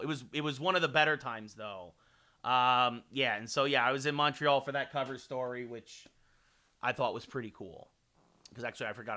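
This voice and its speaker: The medium-pitched voice is clear and resonant as a streamer chats with his livestream audience. Between casual remarks, he calls the hockey action in a video game with excited play-by-play.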